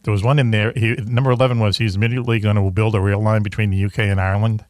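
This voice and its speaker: A man's voice: on the low side, level tone, very fast, a little mellow, no room sound, studio quality, faint music behind. A man with a Boston accent hosting a casual video-call chat show, rambling and self-deprecating with lots of fillers. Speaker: host.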